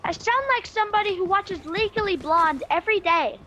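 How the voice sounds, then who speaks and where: A man voicing a robot companion forced into a high, squeaky female voice, complaining and outraged. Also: a little fast, sharp tone, dull audio, a little hiss or hum. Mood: whiny. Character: robot stuck with a shrill female voice box.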